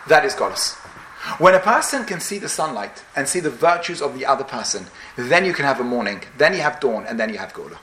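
A man's voice: medium pitch, very animated, a little fast, a bit bright, slight background noise. A man preaching a sermon as a rabbi, telling a story with emphatic, dramatic swings. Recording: echoey room.

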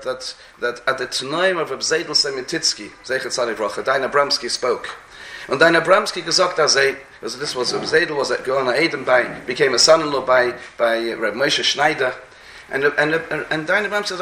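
Bright-voiced man preaching in an echoey room. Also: medium pitch, a little fast, slight background noise. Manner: repeats words while finding his place, mixes in Hebrew and Yiddish terms. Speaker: rabbi giving a talk. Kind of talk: sermon with storytelling.

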